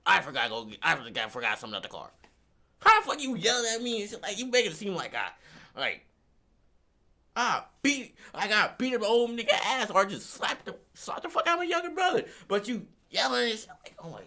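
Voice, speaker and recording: Exasperated man ranting in a lively, bright voice. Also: sits high, a little fast. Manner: exasperated, repeats himself, swings between mutters and outbursts. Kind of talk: venting rant.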